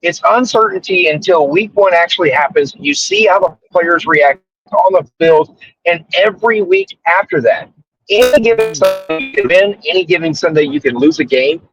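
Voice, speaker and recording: A man joining a fan podcast remotely while on the move, relaxed and easygoing. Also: fairly high pitch, normal speed, faint music behind. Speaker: podcast guest. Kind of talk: casual fan podcast chat. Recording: dull lo-fi call audio with faint noise.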